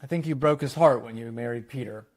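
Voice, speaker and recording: A man's voice: medium pitch, fast talker, darkish tone, natural voice. A man voicing a blunt, crass older woman, quoting her offhand as he retells a story. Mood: teasing. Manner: retold offhand within a story summary.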